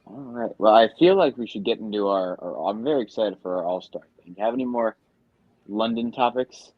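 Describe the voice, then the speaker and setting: A low-pitched man co-hosts a casual sports podcast, rambling along with plenty of ums. His voice is close and dry, with a slightly dull, muffled sound. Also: animated, fairly quick, no room sound. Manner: conversational, frequent ums, trails off. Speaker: podcast co-host.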